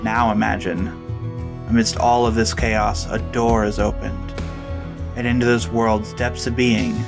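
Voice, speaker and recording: A man who hosts and runs the game, reading a scripted opening in a measured, dramatic storytelling voice. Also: lowish voice, vocal fry. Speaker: game master and podcast host. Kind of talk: scripted narration over music. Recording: guitar music underneath.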